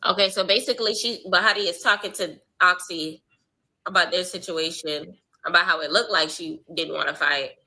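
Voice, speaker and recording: A woman with a Southern US accent streams her reactions to a reality show live. Her voice is very bright and cutting, and her slangy, animated commentary is broken up by frequent laughs. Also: lowish voice, moderate pace.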